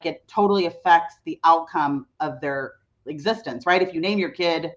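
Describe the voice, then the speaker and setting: Chatty mom telling a story, lo-fi audio. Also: female voice, sits low, normal speed. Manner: animated storyteller, many "like" fillers. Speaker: podcast guest; mother of a teenage son. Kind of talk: casual chat.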